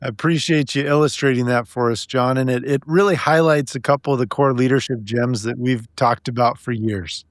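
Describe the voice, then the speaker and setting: A male podcast host speaks in a thoughtful, conversational way, summing up the lessons of his guest's story. His voice sits at an ordinary pitch for a man. The sound is dry and close, with no room echo. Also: fairly even intonation, brisk, few pauses. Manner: reflective, summarizing the guest's points. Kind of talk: conversational interview.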